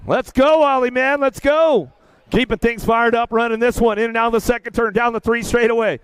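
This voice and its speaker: An older man calling a kids' bike race live, energetic and chatty, getting a bit emotional. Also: extremely high pitch, smooth, no room sound. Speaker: race announcer. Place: outdoor race track.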